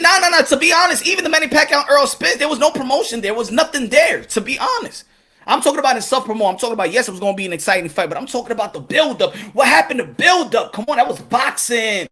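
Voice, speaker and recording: A man with a New York accent riffs alone on boxing, animated and profane, laughing through his points. His voice sits high and bright. He talks fast and loose, in a casual commentary style.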